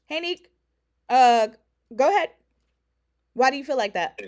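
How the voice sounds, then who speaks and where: A woman hosting a casual talk radio show, animated and sassy, laughing often as she chats with listeners. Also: sits high, a little slow. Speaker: radio and stream host.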